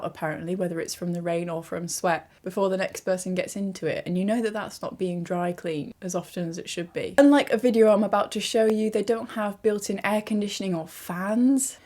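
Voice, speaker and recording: A young woman, talking through a casual vlog in a chatty, animated way with self-mocking asides. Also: mid-range voice, normal speed, hardly any pauses. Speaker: YouTuber.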